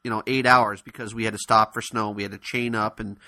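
A man co-hosting a podcast, casually telling a funny family story in an animated way, with frequent laughs. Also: on the low side, fairly quick, no echo. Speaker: podcast co-host.

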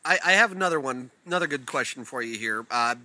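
A man's voice: mid-range voice, lively intonation, fast talker, bright, forceful tone, no echo, poor audio. A man co-hosting an interview, hesitant and stumbling over his words as he asks questions. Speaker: co-host. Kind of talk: casual interview chat.

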